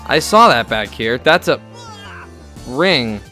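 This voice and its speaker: A young man giving casual let's-play commentary, rambling and halting with lots of fillers and restarts. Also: medium pitch, very animated, sharp tone, soft background music. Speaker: gameplay commentator.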